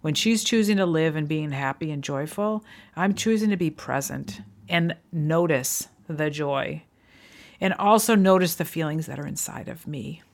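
A woman's voice: low voice, moderate pace. A middle-aged woman hosting a solo podcast, speaking earnestly and encouragingly to her listeners. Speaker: podcast host. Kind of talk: reflective solo podcast talk.

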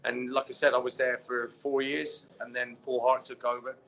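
A man, a former footballer, telling stories in a relaxed interview chat with many fillers. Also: medium pitch, normal speed, vocal fry. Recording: dull lo-fi sound.

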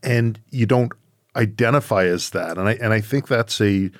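A man's voice: lowish voice, normal speed, no room sound, clean studio sound. A man hosting a podcast interview, thinking aloud reflectively with frequent tag questions. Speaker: podcast host.

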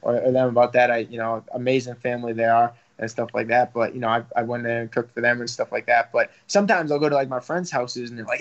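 Young male fighter, rapid flat delivery with lots of fillers, casual interview guest, dull lo-fi sound. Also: medium pitch. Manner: rambling, filler-heavy, casual swearing. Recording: slightly dull lo-fi audio.

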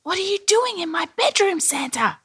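A woman's voice: sing-song, normal speed, heavily acted. A woman voicing an eager bathtub boy. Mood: excited. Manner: eager, high and bright. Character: excited cheerful young bathtub boy.

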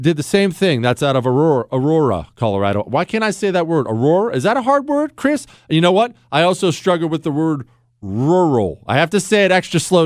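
A man's voice: on the high side, no room sound, studio quality. A man hosting a talk show, delivering an opinionated monologue with sarcastic, emphatic asides. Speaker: radio talk show host.

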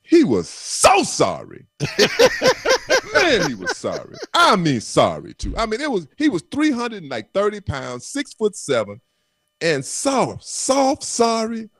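A former football player, guesting on a radio call-in show, tells football stories casually in a high-pitched, unhurried voice. He's an animated storyteller, acting out quoted voices with laughter and bursts of shouting.

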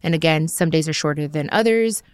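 Candid woman, low and dry. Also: brisk, clear, resonant tone, dry recording. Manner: candid, chatty, peppered with "like". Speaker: podcast host. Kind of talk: casual spiritual talk.

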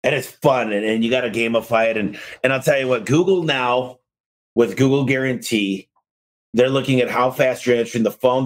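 A man who owns a garage door business, telling energetic stories in a podcast conversation. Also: mid-range voice. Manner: energetic storyteller, acts out phone calls.

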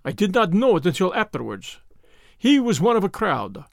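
A man's voice: high-pitched, wildly swooping pitch, moderate pace, vocal fry, dry recording, clean studio sound, heavily acted. A man voicing a frightened, sullen conspirator in an audiobook, pleading and evasive. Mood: fearful. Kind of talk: audiobook character voice.

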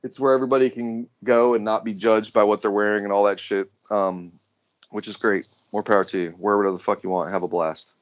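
A man's voice: fairly low pitch, fairly even intonation, quick pace. A man co-hosting a podcast, chatting in a laid-back, blunt and profane way. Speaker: podcast co-host. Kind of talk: casual chat. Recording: dull lo-fi sound.

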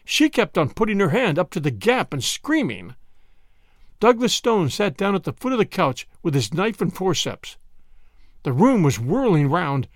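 Expressive male story narrator. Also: high voice, moderate pace, no room sound, studio quality. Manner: expressive, dramatic reading.

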